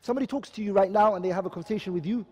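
A man's voice: high-pitched, very fast, dark tone, big-room sound. A man teaching a class, explaining terms and asking his students questions as he goes. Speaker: Islamic studies teacher. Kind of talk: classroom lecture.

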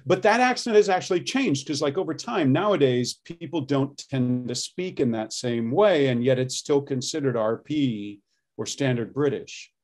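This is a man talking in a casual interview about coaching actors on voice and accents. His voice sits at an ordinary pitch, and he works through each point step by step with plenty of ums and self-corrections. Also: animated, normal speed, a little mellow. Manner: explains step by step with frequent ums and restarts.

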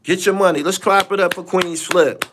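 A man's voice: sits high, steady tone, moderate pace, background noise. A man hosting a live stream, talking bluntly and profanely and repeating himself for emphasis. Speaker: podcast host. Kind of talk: casual live-stream commentary.

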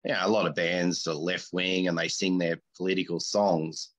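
A man co-hosting a comedy podcast, chatting casually in a blunt, crude, deadpan way. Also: low voice, moderate pace. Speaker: podcast co-host.

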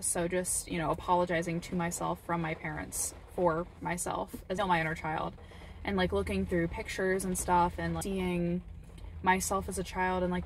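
A woman's voice: on the low side, a little hiss or hum. A woman vlogging in an earnest, heartfelt way, encouraging her viewers and repeating words for emphasis. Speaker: vlogger, parent. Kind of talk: earnest personal talk to camera. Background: faint rain.

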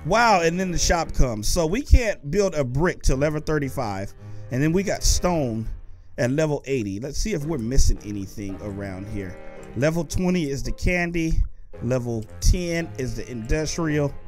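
A young man giving excited let's-play commentary while gaming, often shouting and taunting the monsters. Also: a little high, normal speed, soft background music. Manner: animated, shouts and taunts in-game enemies. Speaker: gaming YouTuber.

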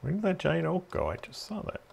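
A man's voice: fairly high pitch, huge pitch swings, fairly quick, gravelly, slightly rough. A man chatting casually during a game stream, laughing often and muttering asides. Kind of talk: casual gaming chat.

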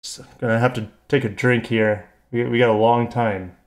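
A man's voice: mid-range voice, fairly even intonation, moderate pace. Chatty man riffing on car news. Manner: chatty, rambling asides with self-corrections. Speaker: car channel host. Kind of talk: live reading and commentary on a press release.

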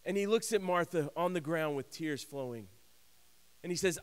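Man doing an earnest dramatic monologue in church, highish voice, music going the whole time. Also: normal speed. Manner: earnest storytelling, swings from hushed to rising. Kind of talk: dramatic first-person monologue.

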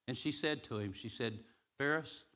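Man preaching with big dynamic swings. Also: mid-range voice. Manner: swings from loud, rising declamation to soft, hushed storytelling; slows and stretches key phrases for emphasis. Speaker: interim pastor. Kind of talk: sermon. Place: church sanctuary.

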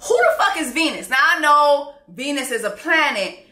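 A woman giving a casual, candid TV episode recap with frank, profane, animated storytelling. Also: high-pitched, moderate pace, roomy sound. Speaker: TV recap vlogger.

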